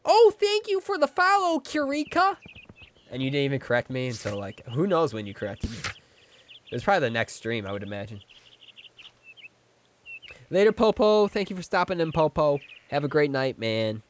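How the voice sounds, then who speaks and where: A man's voice: medium pitch, lively intonation, fairly quick, pauses often, a little hiss or hum. A man streaming a game live, chatting playfully with his viewers and slipping into silly voices. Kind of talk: casual live-stream chat with gameplay.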